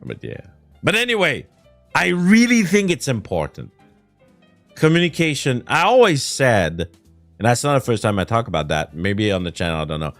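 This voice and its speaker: A man's voice: medium pitch, sing-song, moderate pace, fairly bright tone, no echo, faint music behind. A man from Quebec whose first language is French, with a Quebec French accent, chatting casually on a livestream in a whiny, ranting way, laughing often and swearing. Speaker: streamer.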